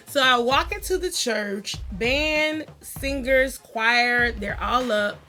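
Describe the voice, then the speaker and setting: A middle-aged woman telling stories in a chatty, animated way as she introduces her family on her vlog. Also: fairly high pitch, measured pace, hardly any pauses, faint music behind. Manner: animated, chatty, acts out quotes. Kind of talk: casual storytelling vlog.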